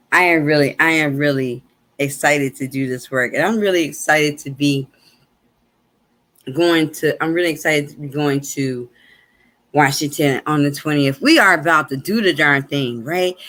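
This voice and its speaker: Bright, animated woman host. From Chicago, USA. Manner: animated storyteller with big pitch swings, laughs often. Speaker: host and minister. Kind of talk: live-streamed casual talk show. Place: at home.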